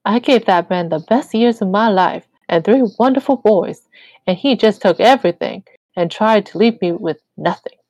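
A woman reading aloud voices a churchgoing mother who talks in a slow, sing-song way. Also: mid-range voice, darkish tone, no room sound, pitched above the performer's own voice, natural voice, poor audio. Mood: knowing, firm.

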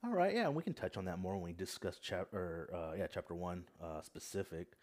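A man with a lowish voice hosts a relaxed podcast conversation. He leads the talk, raises topics and turns to each guest by name to keep the discussion moving. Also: fairly quick. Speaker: podcast host. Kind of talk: casual chat.

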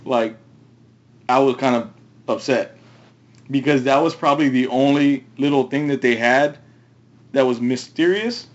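A man's voice: mid-range voice, unhurried, long pauses, highs cut off. Laughing man in loose casual chat. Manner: laughs often, talks in loose rambling runs. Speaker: podcast co-host.

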